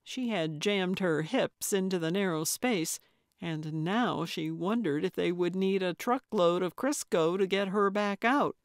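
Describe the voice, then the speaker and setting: A woman reads a cozy mystery audiobook at a slow, unhurried pace, measured and even. The studio recording is dry and close, with no room sound at all. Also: lowish voice, no room sound. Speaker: audiobook narrator. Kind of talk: scripted audiobook narration.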